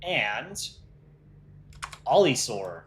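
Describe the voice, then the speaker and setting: A man's voice: medium pitch, big pitch swings, drawn-out words, a bit bright, a little hiss or hum. Chatty man hosting a livestream. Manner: loose and chatty, with restarts and frequent laughter. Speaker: animator and livestream host. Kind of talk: casual livestream chat.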